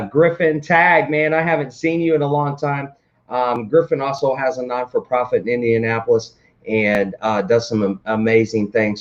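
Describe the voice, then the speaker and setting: A man co-hosts a casual live morning show, rambling along with plenty of fillers and false starts. His voice sits at an ordinary middle pitch for a man. The sound is dull and lo-fi, like a home live stream. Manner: rambling, halting, many fillers and restarts.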